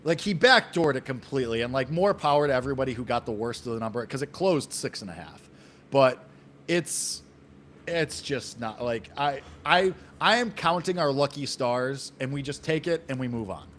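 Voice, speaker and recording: A man with a New York accent co-hosting a sports betting chat, talking in animated, emphatic rants full of "like". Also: medium pitch, normal speed, slight background noise.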